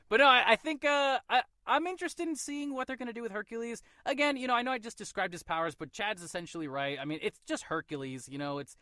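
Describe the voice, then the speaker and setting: A man hosting a casual movie review podcast, animated and quick to float theories. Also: high voice, dry recording, clean studio sound. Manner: animated, theorizing, laughs often. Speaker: podcast host.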